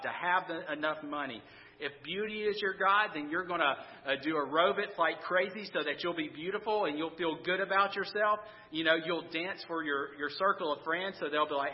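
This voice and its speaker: A man preaching a sermon in a casual, storytelling way, with sarcastic asides and lots of restarts. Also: fairly high pitch. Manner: conversational, sarcastic, animated retelling. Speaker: pastor. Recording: dull sound in a reverberant hall.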